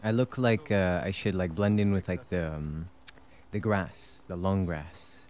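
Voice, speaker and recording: A man's voice: low-pitched, steady tone, a little slow, a little mellow. A man streaming a video game, chatting casually, laughing often and swearing freely. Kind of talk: casual gameplay chat.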